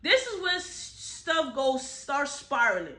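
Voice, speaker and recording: A woman's voice: high-pitched, huge pitch swings, slow pace, bright, forceful tone, echoey room. A young woman in a casual book review chat. She is chatty and candid, uses slang, drifts off topic and keeps checking in with "right?".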